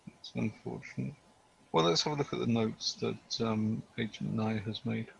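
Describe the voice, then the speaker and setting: A man's voice: fairly low pitch, normal speed, gravelly, husky. A man playing a tabletop game who reads a story aloud dramatically, hesitant in chat but punchy in the reading, on a dull lo-fi recording.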